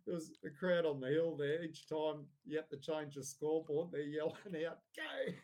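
A man's voice: fairly high pitch, level tone, moderate pace, dark tone. A man co-hosting a podcast, giving opinionated, blunt takes on sport in casual banter. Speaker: podcast co-host. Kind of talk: casual chat.

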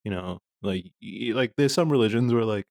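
A man's voice: lowish voice, normal speed, vocal fry, a little mellow, no room sound, studio quality. A man co-hosting a podcast in casual chat, cursing freely and getting riled up with laughing asides. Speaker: podcast co-host.

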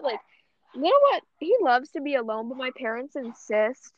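A woman's voice: high voice, animated, moderate pace. A young woman co-hosting a podcast, chatting casually and rambling, swearing often and saying "like" constantly. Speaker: podcast co-host. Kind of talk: casual chat. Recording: dull, lo-fi audio.

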